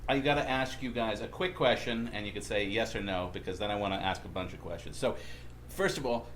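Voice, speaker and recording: A man's voice: lowish voice, brisk, a bit bright, a little hiss or hum. A man hosting a podcast who politely breaks in to steer the conversation and ask questions. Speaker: podcast host. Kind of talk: interviewing.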